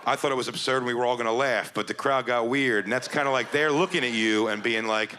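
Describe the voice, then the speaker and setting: A man's voice: medium pitch, steady tone, quick pace, background noise. A male stand-up comedian teasing and bantering with audience members from a comedy club stage. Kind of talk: stand-up crowd work. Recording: live club audio with crowd laughter.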